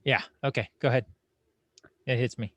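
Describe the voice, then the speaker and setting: A man's voice: medium pitch, steady tone, moderate pace, a bit bright, no echo. A man playing a tabletop game, joking dryly and hesitating as he checks his stats. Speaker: player. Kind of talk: casual tabletop game play.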